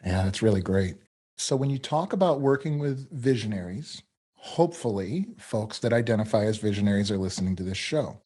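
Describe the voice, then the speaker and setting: A man's voice: lowish voice, animated, a little fast, mellow, slightly rough. A man hosting a podcast interview, talking in a loose, casual way with many fillers. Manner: loose, filler-heavy talk with many "like" and "kinda". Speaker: podcast host.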